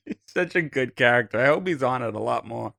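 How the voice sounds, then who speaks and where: A man's voice: medium pitch, expressive, a little fast, creaky, fairly bright tone, no room sound. A man with a mid-range voice chats casually on a podcast. He tosses in dry, offhand jokes and guesses. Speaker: podcast co-host.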